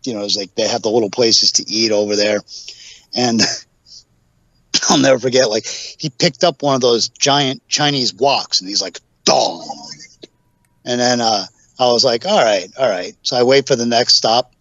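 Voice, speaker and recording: Podcast guest, male, mid-pitched, rambling anecdotal storyteller, dry and muffled lo-fi sound. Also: steady tone, normal speed, a bit bright, dry recording. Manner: rambling anecdotes full of fillers. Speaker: podcast guest, pro wrestler. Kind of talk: casual storytelling interview. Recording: dull lo-fi podcast audio.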